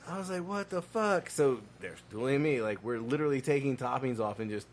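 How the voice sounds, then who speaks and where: A man co-hosting a podcast, telling animated, profane restaurant stories in casual chat. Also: medium pitch, a little fast, a little hiss or hum. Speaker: podcast co-host.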